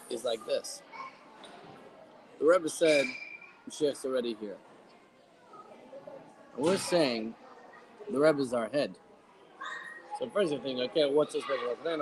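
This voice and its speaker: A man moderating a group video call, sharing ideas in an animated, playful way. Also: medium pitch. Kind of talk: casual group-call hosting. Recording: noisy video call audio.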